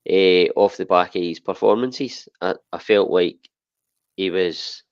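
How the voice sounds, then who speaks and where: A man's voice: low-pitched, unhurried, smooth, no room sound. A Scottish man co-hosting a casual podcast, rambling through his points with frequent "eh" and "listen.". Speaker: podcast co-host. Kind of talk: casual football chat. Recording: dull, dry lo-fi podcast audio.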